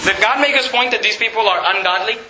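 A pastor delivering an emphatic sermon, a man who rises to shouts and reads scripture aloud to his congregation. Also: sits high, quick pace, a little hiss or hum. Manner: emphatic preaching, rising to shouts. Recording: echoey room, dull lo-fi sound.

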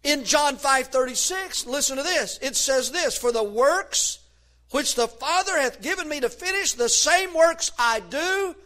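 High-voiced fervent man preaching. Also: lively intonation, measured pace. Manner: fervent preaching with shouted peaks. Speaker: pastor. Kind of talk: sermon.

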